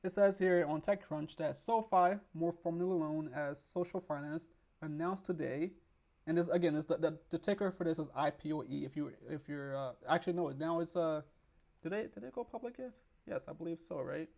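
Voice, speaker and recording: Man, hoarse, slightly high voice, casual market explainer, rambling, reads articles aloud. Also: a little fast, a little mellow. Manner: rambling, many restarts, reads news aloud. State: losing his voice, hoarse. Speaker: stock market video host. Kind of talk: casual explainer with screen reading.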